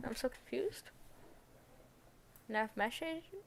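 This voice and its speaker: A woman's voice: medium pitch, big pitch swings, takes it slowly, gravelly, pauses often, slight background noise. A woman game developer on a live stream, chatting casually as she codes, muttering questions at her code and teasing herself. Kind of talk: casual live-stream chat while coding.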